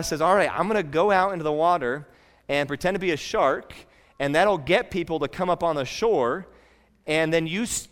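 A man's voice: fairly high pitch, a bit bright, clear, resonant tone, in a large hall. A man preaching a sermon as pastor, earnest and conversational, often repeating words as he restarts a thought.

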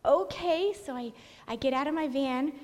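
A woman guest telling a personal story in an animated way, acting out what people said. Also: sits high, normal speed. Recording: long hall reverb.

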